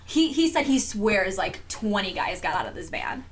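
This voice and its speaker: A young woman on a podcast, telling a story in casual chat, animated and full of filler words. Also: medium pitch, normal speed, a little hiss or hum. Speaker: podcast co-host.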